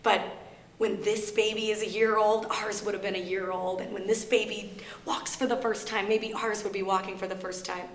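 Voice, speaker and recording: A woman with a Minnesota accent speaks earnestly and openly to a gathered audience, her voice set at a middle pitch. She is recorded in a roomy, echoing library space. A faint hum sits under her voice. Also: level tone, moderate pace. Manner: earnest, candid storytelling with shifting emphasis. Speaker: guest speaker on grief. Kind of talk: personal talk to an audience. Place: library meeting room. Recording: echoey room with faint hum.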